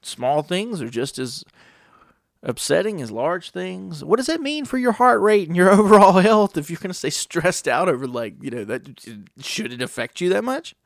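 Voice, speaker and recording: A gravelly-voiced man holds forth in a loose, rambling monologue. He swears freely and keeps firing rhetorical questions at the listener. The sound is close and dry, with no room echo. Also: high-pitched, lively intonation, moderate pace. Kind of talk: casual monologue.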